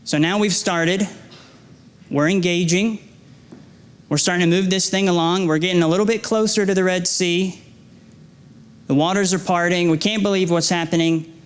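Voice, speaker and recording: Young guy preaching in church, pretty high voice, earnest, repeats himself a lot, stumbles on words. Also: steady tone, moderate pace, pauses often, clean tone. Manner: earnest, exhorting, with repeated phrases and self-deprecating stories; restarts and stammers when emphasizing. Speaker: guest preacher. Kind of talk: sermon. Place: church sanctuary.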